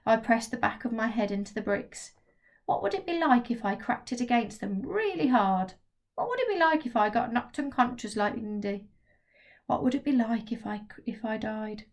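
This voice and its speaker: Woman teacher, storybook read-aloud, expressive, slightly high voice. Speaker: teacher reading a class book aloud.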